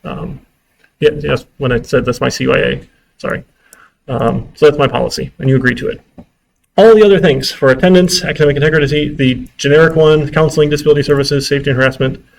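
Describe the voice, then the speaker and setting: A man's voice: mid-range voice, gravelly, poor audio. A man giving a casual classroom lecture as a university instructor, chatty, with exasperated asides and frequent fillers.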